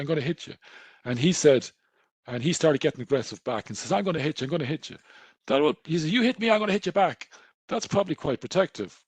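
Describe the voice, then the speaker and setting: A man's voice: lowish voice, husky, dry recording. A middle-aged Irish man, a doctor giving a webinar lecture, telling stories conversationally and acting out the dialogue. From Ireland. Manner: conversational storytelling, acts out quoted dialogue. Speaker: GP presenting a webinar.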